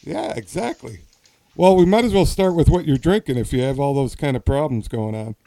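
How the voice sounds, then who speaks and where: A man from Wisconsin co-hosting a laid-back podcast, his voice dark and mellow. He talks in halting bursts, full of uhs and ums, and laughs easily. The sound is close and dry. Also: medium pitch, animated, creaky, dry recording. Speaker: podcast co-host. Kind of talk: casual chat over drinks.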